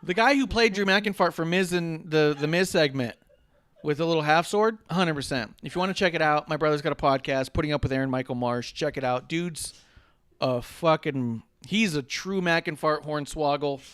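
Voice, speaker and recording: Dude riffing on a podcast mic, swears a lot, kinda high voice, dry close sound. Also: male voice, moderate pace, fairly bright tone, clear, resonant tone, no echo. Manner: profane, joking, rambling banter. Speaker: podcast co-host. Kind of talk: casual wrestling podcast chat. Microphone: podcast microphone.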